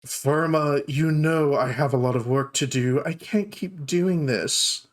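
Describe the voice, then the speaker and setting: A man's voice: on the high side, a little slow, voice pushed up, lightly acted. A man voicing a grumpy, antisocial, hefty female dwarf smith in a tabletop game, with curt, grumbling lines.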